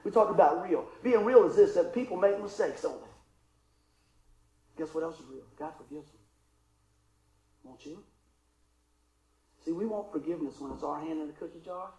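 Pastor guy preaching, high voice, goes loud then soft, roomy church echo. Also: moderate pace, pauses often. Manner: animated preaching, swinging from loud calls to hushed asides. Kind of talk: sermon. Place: church sanctuary.

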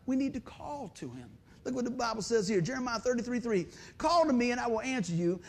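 A middle-aged male pastor, preaching a folksy, animated sermon full of stories and calls for amen. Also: sits high, a little hiss or hum. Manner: folksy, animated, storytelling with asides and call-and-response.

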